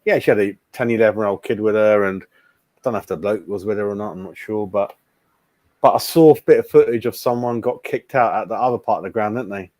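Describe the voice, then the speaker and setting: A man's voice: fairly low pitch, fast talker, a little mellow, no room sound. A man chatting casually as co-host of a football fan show, rambling and calling people mate. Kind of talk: casual chat.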